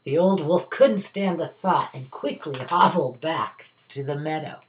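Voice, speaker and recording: A woman's voice: low voice, measured pace, few pauses. Older woman reading a story to kids. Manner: warm, expressive reading to children. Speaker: retired teacher reading aloud. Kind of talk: children's story read-aloud. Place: at home.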